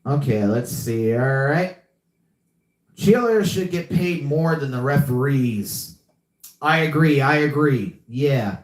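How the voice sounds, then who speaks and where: Speaking slowly and expressively in a medium pitch, a man hosts a laid-back live podcast. He goes through the chat in a rambling, repetitive way, full of filler words, and the recording has an echoey room sound.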